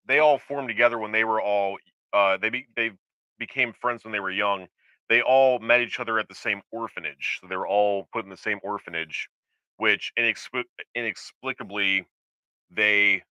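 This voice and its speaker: As a podcast's co-host, a man talks in a casual, rambling way, drifting into fillers and starting sentences over. His voice is low but very bright and forceful, staying smooth and clear. The audio is close-miked and dry with no echo, though poor in quality.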